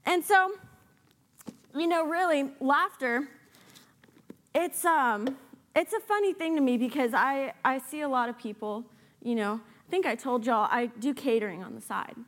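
A woman giving a sermon as a guest preacher, animated and playful, with sarcastic asides. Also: high voice, a little slow.

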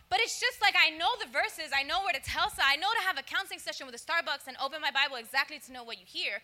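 A woman's voice: sits high, fast, hardly any pauses, pushed and bright. A woman giving a conversational sermon, talking straight to her audience and acting out little dialogues. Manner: chatty, acts out dialogues with laughs; addresses audience directly. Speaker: church speaker.

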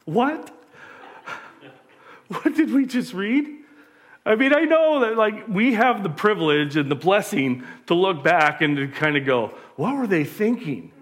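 A pastor, preaching a conversational sermon full of rhetorical questions. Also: male voice, high-pitched, a little slow, a bit bright.

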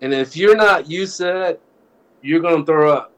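The recording is lo-fi, capturing a man whose pitch is fairly high and whose pace is moderate. As a podcast co-host chatting casually, he laughs, stumbles and restarts, and animatedly impersonates friends he quotes.

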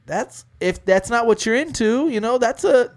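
A man's voice: very high-pitched, moderate pace. A man from Texas chatting casually as a podcast co-host, retelling stories and acting out quotes. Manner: animated storytelling, acts out quotes. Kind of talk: casual chat.

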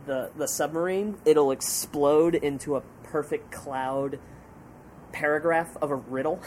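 A man co-hosting a comedy podcast, talking casually in rambling, animated banter with lots of fillers. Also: on the high side, unhurried, slight background noise. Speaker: podcast co-host.

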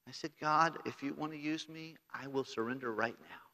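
A middle-aged American pastor delivers an earnest sermon, his bright, sharp voice rising to loud declarations and sinking to hushed confidences. The sound carries a long reverb from a large church sanctuary. His tone stays at an everyday middle pitch. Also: brisk. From United States. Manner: earnest preaching, voice swelling loud then dropping low and intimate.

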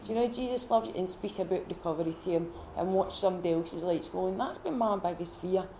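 A Scottish woman at a faith retreat, sharing her personal testimony in a heartfelt, halting way with many restarts. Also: lowish voice, warm tone, slight background noise. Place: retreat gathering room.

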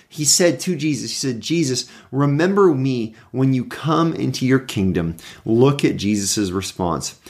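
A man teaching through a Bible passage in an earnest, animated way, reading scripture aloud and stopping to explain it. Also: a little high. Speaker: pastor.

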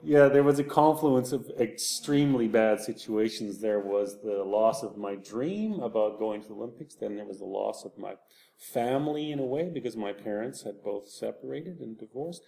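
A man, an author, speaking reflectively in an interview, soft-spoken and halting with frequent restarts. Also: lowish voice, animated, creaky.

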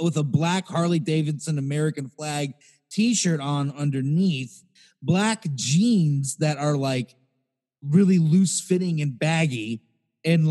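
A man's voice: a little high, darkish tone, long reverb tail. A man co-hosting a podcast, telling a rambling, profane story in casual chat. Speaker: podcast co-host.

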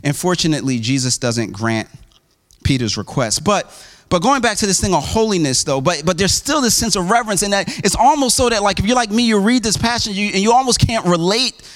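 Pastor, male, high-pitched, casual and conversational sermon delivery with restarts, breaks into animated impressions of quoted speakers. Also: a little fast. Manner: conversational preaching with many restarts and asides; acts out quoted voices with big pitch jumps.

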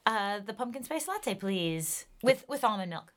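A woman playing a female customer in a comedy skit, halting and hesitant with fillers. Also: mid-range voice, animated, natural voice.

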